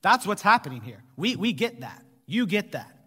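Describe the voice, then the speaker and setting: Man, pastor, American accent, sermon, high voice, shifts between animated and hushed, long hall reverb. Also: normal speed, husky. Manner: animated preaching, drops to a near whisper at times.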